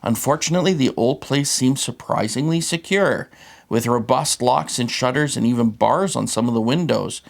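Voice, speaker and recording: A man's voice: mid-range voice, moderate pace, vocal fry. A man hosting a tabletop game, reading the scenario aloud and explaining rules patiently.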